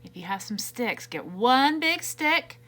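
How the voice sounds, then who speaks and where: A woman teacher reading a picture book to young children and teaching letters, gentle and encouraging, asking them questions. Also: a little high, sing-song, measured pace.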